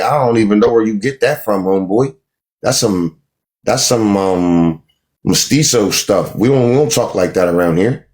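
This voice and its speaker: A man hosting a live stream, talking down to callers in a combative, lecturing way and repeating his points. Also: mid-range voice. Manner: dismissive, lecturing, repeats himself. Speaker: livestream host.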